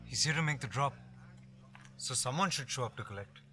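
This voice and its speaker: A man's voice: mid-range voice, animated, a little fast, natural voice. An actor playing an anxious young male college student who presses his accusations. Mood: tense. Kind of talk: film acting.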